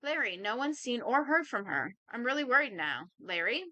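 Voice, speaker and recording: A woman's voice: a little high, very animated, normal speed, sharp tone, no echo, muffled recording. A woman voicing a chatty young woman, a best friend, who teases and chats. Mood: worried. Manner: teasing and chatty.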